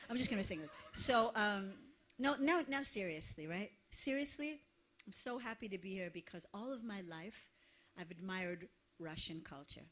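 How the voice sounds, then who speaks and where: A woman's voice: medium pitch, slight background noise. A woman, a singer talking between songs to a live concert audience in a playful, effusive way. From Israel. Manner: effusive and playful, laughing and gushing to the crowd.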